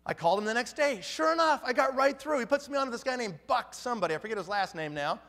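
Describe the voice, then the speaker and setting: A middle-aged man with a high voice tells a story from a big hall, and the sound rings with a long reverb. He talks with a lot of animation and acts out each person in the tale. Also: animated, fast, sharp tone. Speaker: business speaker. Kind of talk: storytelling talk to an audience.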